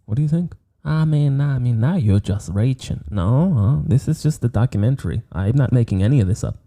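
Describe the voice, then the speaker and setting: Playful, animated male movie reviewer. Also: medium pitch, brisk. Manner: playful, jokey, full of asides.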